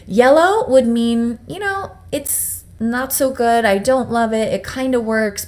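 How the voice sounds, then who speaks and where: A woman's voice: medium pitch, darkish tone. A woman coaching a webinar, chatty and upbeat, talking directly to viewers and checking in with them often. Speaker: business coach presenting a webinar. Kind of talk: webinar teaching.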